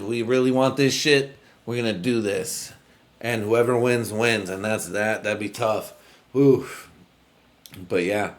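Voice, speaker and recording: Laid-back, profane man rambling. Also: medium pitch. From United States. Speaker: podcast host. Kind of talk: casual rambling monologue.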